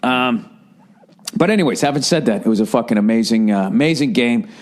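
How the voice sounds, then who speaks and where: A man's voice: medium pitch, expressive, brisk. A middle-aged man with a Boston accent hosting his own podcast, telling a story in a rambling, profane, casual monologue. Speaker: podcast host.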